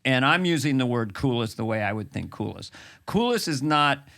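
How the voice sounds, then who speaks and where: A man's voice: mid-range voice, big pitch swings, normal speed, gravelly, a bit bright. A man hosting a podcast in casual, joking chat, laughing often. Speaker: podcast host.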